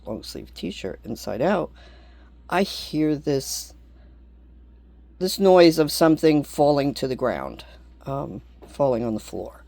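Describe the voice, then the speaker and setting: A woman vlogger rambles at an unhurried, drawn-out pace, blunt and quick to swear. Her voice sits close and dry, with almost no room sound around it. She laughs easily between thoughts. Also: deep voice, dark tone, no room sound. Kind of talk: casual rambling monologue.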